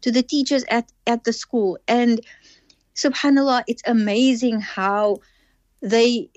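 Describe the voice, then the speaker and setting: A woman's voice: on the high side, unhurried, a little mellow, no room sound, lo-fi sound. A woman speaking as a radio guest in an earnest, heartfelt and reflective way. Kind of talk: radio interview.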